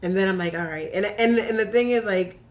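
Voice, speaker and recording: Woman guest from Virginia, casual chat, animated storyteller, mid-range voice. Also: mid-range voice, fairly quick. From Hampton Roads, Virginia. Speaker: podcast guest.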